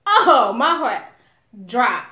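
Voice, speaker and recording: A woman with an Alabama accent tells a story in a lively, profane way and calls her viewers "y'all." Her voice sits fairly high. The room is echoey. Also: drawn-out words. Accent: Southern US, Alabama. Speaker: vlogger. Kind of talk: casual storytelling vlog.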